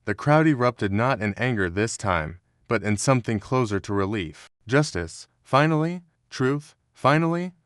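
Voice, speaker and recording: A man narrates a historical story in a steady, measured voice that sits low for a man. The sound is dry and close, with no room around it. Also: dry recording. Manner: steady, measured storytelling with quoted dialogue read in the same voice.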